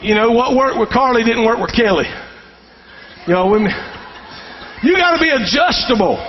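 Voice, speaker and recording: Folksy high-voiced preacher man. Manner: folksy Southern-style preaching with call-and-response. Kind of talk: sermon to fathers. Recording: dull sound in a reverberant hall.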